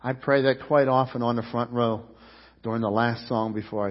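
A man's voice: medium pitch, steady tone, normal speed. A man preaching a fervent sermon as pastor, repeating words as his voice swells and drops. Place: church sanctuary. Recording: muffled sound, long hall reverb.

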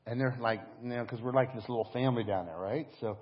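Middle-aged male pastor, conversational storyteller, slightly husky, captured in a reverberant hall. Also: fairly low pitch, fairly quick, few pauses. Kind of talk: sermon. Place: church service. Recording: dull echoing church hall audio.

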